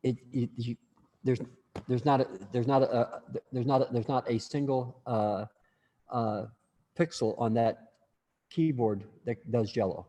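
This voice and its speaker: A man's voice: mid-range voice, steady tone, unhurried, mellow, big-room sound, dull audio. A man teaching a class in a casual, rambling way, full of restarts and asides.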